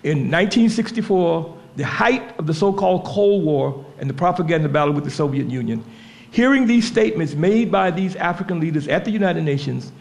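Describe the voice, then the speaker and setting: A man speaking on a panel at a public event in a memorial center, reading quotations aloud and slowing down to stress key words. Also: on the high side, lively intonation, gravelly. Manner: measured, slows down to stress quoted words.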